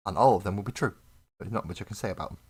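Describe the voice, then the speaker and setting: A man talks his way through a live miniature-painting session at home. His voice sits very low and deep. He rambles, teases his viewers and pokes fun at himself as he works. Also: racing, darkish tone, slightly rough. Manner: rambling, joking, self-deprecating banter with chat. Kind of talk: casual live-stream chat while painting. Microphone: desk mic on live webcam stream.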